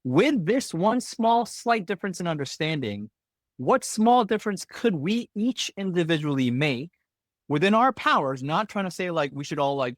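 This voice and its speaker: A man hosting a podcast, thinking aloud in a halting, reflective way, with many restarts. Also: high voice, very animated, no room sound. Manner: reflective, halting, laughs often. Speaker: podcast host. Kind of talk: podcast interview.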